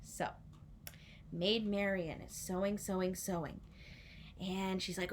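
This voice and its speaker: A woman telling a story to young children, playful and animated, inviting listeners to join in. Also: medium pitch, takes it slowly, long pauses, a little hiss or hum.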